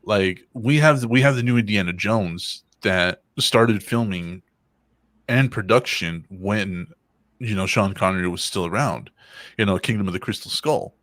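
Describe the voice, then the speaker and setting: A man co-hosting a casual podcast, joking around in an animated, profane way. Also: lowish voice, measured pace, no echo. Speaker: podcast co-host. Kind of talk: casual chat.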